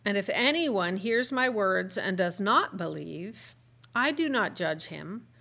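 A woman reading Bible passages aloud during a Bible study, steady and measured. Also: mid-range voice, gravelly. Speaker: scripture reader in Bible study.

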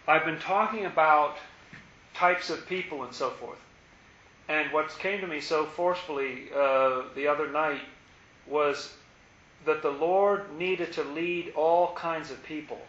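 A man teaches on scripture in a musing way that turns emphatic. His voice is bright and a little high. The recording has a lot of room echo and a dull, lo-fi sound. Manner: musing, grows forceful and emphatic. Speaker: Bible teacher. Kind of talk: reflective Bible talk.

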